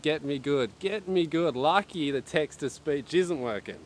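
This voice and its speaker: A man with a slightly raised pitch talks casually and jokes as he hosts a live stream. He reads viewer messages aloud while he shoots arrows outdoors, with faint wind in the background. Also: measured pace, hardly any pauses. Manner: chatty and joking, reads viewer chat aloud. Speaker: archery livestream host. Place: outdoors at an archery range in wind. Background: wind noise.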